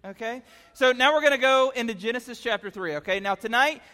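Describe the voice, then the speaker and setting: A man preaching to young people, telling stories in a chatty, excitable way full of filler words. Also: very high voice, fast talker. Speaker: youth pastor. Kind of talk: animated youth sermon storytelling. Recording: long reverb in a hall.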